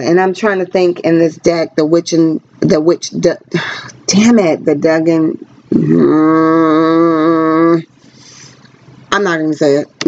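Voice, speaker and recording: A woman giving a casual tarot reading, talking in a rambling, chatty way with quick pressured speech and a blunt, frank manner. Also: low voice, darkish tone, a little hiss or hum. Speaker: tarot card reader. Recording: dull lo-fi recording.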